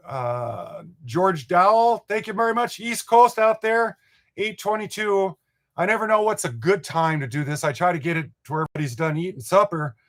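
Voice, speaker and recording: A man's voice: a little high, fairly bright tone. An older man from Montana hosting a live model train stream, chatting in a rambling, folksy way and chuckling as he reads viewer comments. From Montana, USA.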